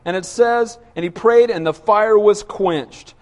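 A man with a very high voice preaches a casual, chatty sermon, putting questions to his listeners and slipping into mock whining. His words ring out in a church with a long, lingering reverb. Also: unhurried. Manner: conversational, asks the congregation questions, acts out whiny voices. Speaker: pastor.

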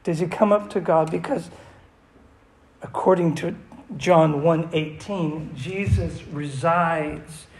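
A man's voice: on the high side, fairly even intonation, slow pace, long pauses, a little mellow. A man preaching a sermon in a conversational, storytelling manner that turns into earnest prayer. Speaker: pastor. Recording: echoey room, faint ambience.

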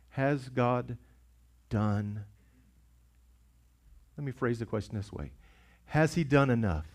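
A man's voice: on the high side, a little slow. A man preaching a sermon as pastor, impassioned and urgent, often repeating himself for emphasis. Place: church sanctuary.

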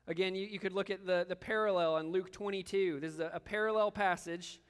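A man's voice: sits high, steady tone, fairly quick, hardly any pauses, smooth, in a large hall. A man preaching a sermon as a pastor, earnest, often repeating words as he stresses a point.

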